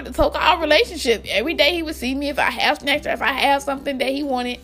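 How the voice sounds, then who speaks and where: A woman's voice: sits high, fast, hardly any pauses, fairly bright tone, faint music behind. A young woman chatting to her viewers in a casual storytime vlog, talking to them directly and laughing often. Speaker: vlogger.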